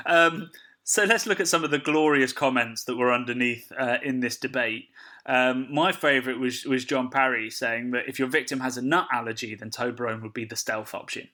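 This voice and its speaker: Male co-host, young adult, wry and skeptical, crisp bright tone. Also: medium pitch, normal speed. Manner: dry, teasing, laughs often. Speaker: podcast co-host. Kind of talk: casual chat.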